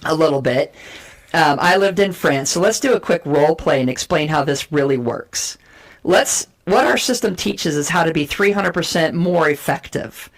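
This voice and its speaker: Energetic gravelly-voiced woman explaining. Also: low voice, moderate pace. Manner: energetic, persuasive, emphatic teaching. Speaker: guest speaker on communication. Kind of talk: animated explanatory talk with role play.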